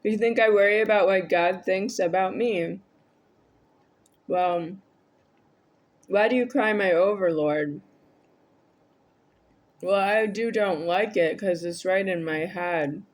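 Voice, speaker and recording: A woman's voice: mid-range voice, slow pace, pauses often. A woman vlogging a rambling, argumentative monologue to camera, addressing an unseen listener.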